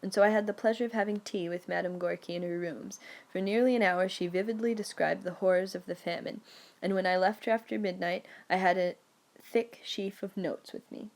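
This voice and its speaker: A woman reading a memoir audiobook aloud in a lively, storytelling manner. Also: medium pitch, fairly quick. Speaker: audiobook narrator. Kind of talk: scripted first-person narration.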